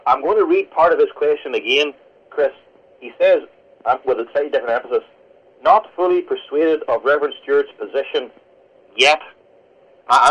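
Earnest pastor on lo-fi radio. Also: male voice, a little high. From Northern Ireland. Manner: fast, earnest teaching delivery. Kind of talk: radio interview guest. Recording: lo-fi radio broadcast.

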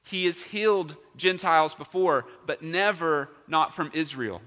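A man's voice: on the high side, unhurried, sharp tone, in a large hall. A male pastor preaching a sermon in a church, emphatic and asking his congregation questions. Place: church sanctuary.

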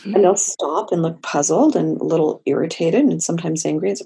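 A woman therapist speaking in a podcast interview, slow and deliberate with gentle emphasis. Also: low-pitched, creaky, slightly rough. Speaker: therapist and guest.

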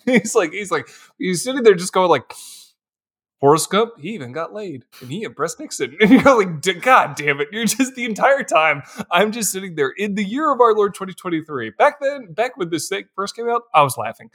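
A man's voice: sits high, sing-song, brisk, few pauses, a bit bright. A man in his twenties co-hosting a podcast, chatting casually about a film, laughing often and swearing freely. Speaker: podcast co-host. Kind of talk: casual chat.

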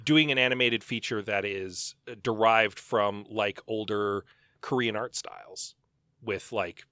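A Canadian man co-hosts a book club podcast, musing aloud in casual conversation with the occasional filler. His lowish voice is unhurried, bright and forceful, and the recording is dry with clean studio sound.

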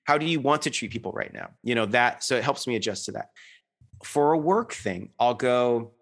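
A man's voice: medium pitch, animated, moderate pace, a bit bright. A man in his thirties talking in an earnest, rambling way, full of restarts and fillers, as a guest in a reflective conversation.

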